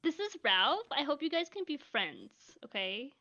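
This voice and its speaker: A woman's voice: high voice, sing-song, unhurried, bright, forceful tone, muffled recording. A woman playing a tabletop game, talking in a bubbly, gushing way. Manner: bubbly, gushing, fond of 'like' and 'totally'. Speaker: player.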